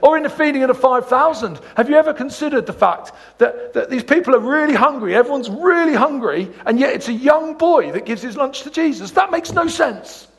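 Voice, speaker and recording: A man's voice: very high voice, brisk, hardly any pauses, in a large hall. A man giving a sermon as a guest preacher, telling funny stories between points of scripture. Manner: jokey, storytelling, animated asides. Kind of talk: sermon with humorous anecdotes.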